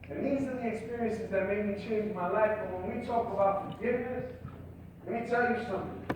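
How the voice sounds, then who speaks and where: Middle-aged man, very high voice, impassioned motivational speech, very echoey hall, distant mic. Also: a little hiss or hum. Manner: impassioned storytelling, rising to loud emphasis. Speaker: motivational speaker and social worker.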